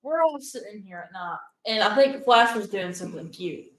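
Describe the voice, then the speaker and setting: A young woman in casual family chat, quick to object. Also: mid-range voice, lively intonation. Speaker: host's daughter. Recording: echoey room.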